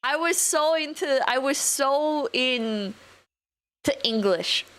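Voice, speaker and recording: Young woman streamer, slightly high voice; rambling, sweary, off-the-cuff chat. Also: animated, slow pace, a bit bright. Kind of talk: casual live-stream chat.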